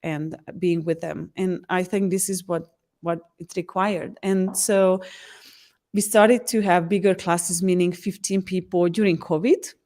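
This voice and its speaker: A woman's voice: fairly low pitch, a little slow. Earnest woman coach. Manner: earnest, frequent restarts, lively acted quotes. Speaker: empowerment coach. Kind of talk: conversational interview answer.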